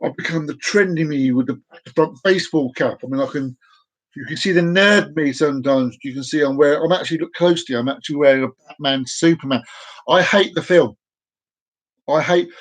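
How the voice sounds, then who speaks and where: A man in his forties hosting a casual live stream from his desk at home, playful and chaotic, repeating and stretching his phrases with sudden excited whoops. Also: fairly high pitch, poor audio.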